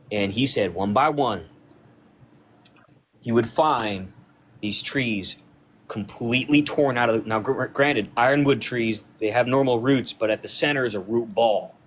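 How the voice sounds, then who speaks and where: A man's voice: on the low side, a bit bright, slight background noise. A man who is a podcast guest, casually retelling a friend's encounter in a loose, conversational way and acting out the dialogue. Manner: loose and conversational, with frequent "like" fillers. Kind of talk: casual storytelling.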